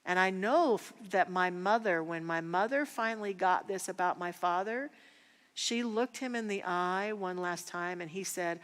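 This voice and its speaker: A woman minister teaching a spiritual class, speaking in an earnest, personal and unhurried way. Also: on the low side, a bit bright, in a large hall. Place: church sanctuary.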